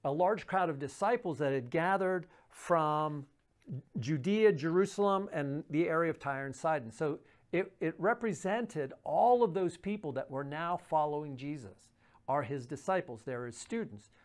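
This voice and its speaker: A pastor giving a daily devotional Bible teaching in a conversational way, often pausing and restarting, reading verses aloud and then explaining them. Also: medium pitch. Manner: conversational, with frequent fillers and restarts; reads scripture aloud and explains it.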